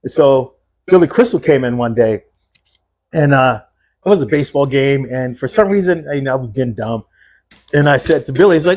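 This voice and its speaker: A middle-aged man telling a long, profane story as a podcast guest, animated and full of restarts. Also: medium pitch, moderate pace. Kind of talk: casual storytelling.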